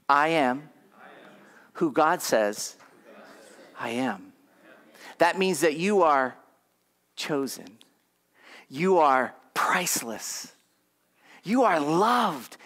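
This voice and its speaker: A man's voice: fairly high pitch, a bit bright. A male pastor preaching a conversational sermon, leading the congregation in repeated affirmations. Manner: conversational, repetitive affirmations, audience call-and-response.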